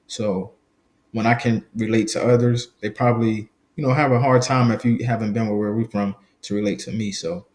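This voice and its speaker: Man in his twenties, lowish voice, from a small Southern country town, reflective, filler-heavy. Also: a little mellow. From small country town in the Gullah Geechee region, US South. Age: 20s. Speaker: guest. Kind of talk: casual interview conversation.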